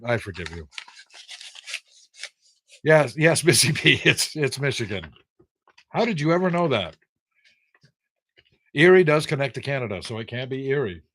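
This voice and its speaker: A man's voice: medium pitch, fairly bright tone. Older man teasing his trivia chat. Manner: teasing, sarcastic, reads viewer names aloud. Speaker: livestream trivia host. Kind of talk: casual live-chat trivia banter.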